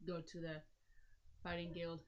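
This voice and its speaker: A woman playing in a tabletop game, speaking hesitantly and haltingly. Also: lowish voice, completely flat delivery, dull audio. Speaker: player. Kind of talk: casual tabletop play.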